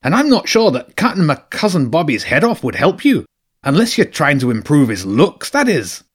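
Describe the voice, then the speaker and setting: A man's voice: fairly high pitch, very animated, moderate pace, breathy edge, pitched above the performer's own voice. A man reading an audiobook voices a sly, joking male rat mercenary with a wry, teasing manner. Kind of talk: audiobook character voice.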